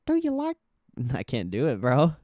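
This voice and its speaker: A man's voice: mid-range voice, huge pitch swings, unhurried, darkish tone, dry recording, clean studio sound. A man hosting a casual livestream, joking loosely and laughing often, saying his voice feels off. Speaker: livestream host.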